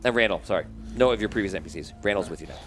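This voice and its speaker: A man's voice: low voice, rapid-fire, fairly bright tone, faint music behind. A man running a tabletop game as game master, narrating with many fillers and restarts. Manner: rambling, many fillers, laughs often.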